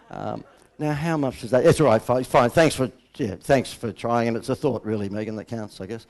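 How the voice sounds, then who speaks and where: A man's voice: medium pitch, lively intonation, fairly quick, darkish tone. A middle-aged Australian man giving a live seminar talk as a business coach, blunt and joking as he tells stories. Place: seminar room.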